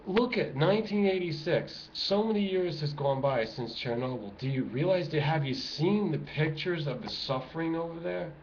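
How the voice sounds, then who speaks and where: A man's voice: fairly high pitch, moderate pace, hardly any pauses, darkish tone. Impassioned middle-aged man ranting to camera. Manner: emotional, urgent, preachy. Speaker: activist vlogger. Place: home with children nearby. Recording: dull lo-fi home recording with noise.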